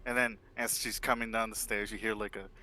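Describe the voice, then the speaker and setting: A man narrating as game master in a tabletop game, loose and halting with many restarts. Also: on the low side, level tone, bright, forceful tone.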